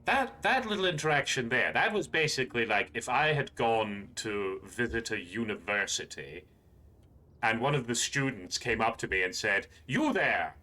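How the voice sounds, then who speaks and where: A man's voice: medium pitch, lively intonation, moderate pace, bright, forceful tone, faint music behind. A man streaming a game and commentating casually, sarcastic and jokey as he talks back to the characters. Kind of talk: casual commentary over gameplay.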